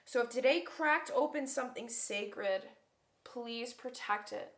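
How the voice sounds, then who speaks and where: A woman's voice: on the high side, a little slow, fairly bright tone. A woman giving a casual card reading to viewers, heartfelt and effusive, leaning hard on the lines she wants heard. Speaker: tarot card reader. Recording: echoey room.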